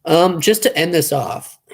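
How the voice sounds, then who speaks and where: A young man chatting casually on a live stream, rambling quickly and running out of breath as he talks. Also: fairly high pitch, breathy edge.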